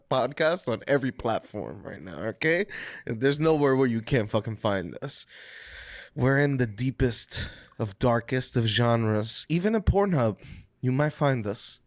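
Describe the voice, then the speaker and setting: A man's voice: medium pitch, no room sound, studio quality. A man co-hosting a podcast, talking about his week in a loose, joking, profane way. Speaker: podcast co-host. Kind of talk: casual chat.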